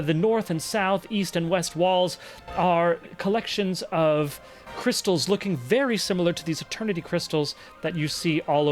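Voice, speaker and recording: Unhurried man narrating as game master. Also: high-pitched. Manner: descriptive, unhurried, with frequent ums and uhs.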